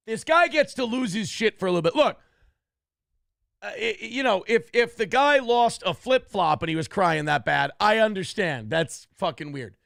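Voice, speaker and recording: A man's voice: high voice, expressive, normal speed, creaky, fairly bright tone, no room sound, studio quality. A man hosting a morning show, riffing on a news clip in a crude, profane, mocking rant. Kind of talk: comedic commentary on a news clip.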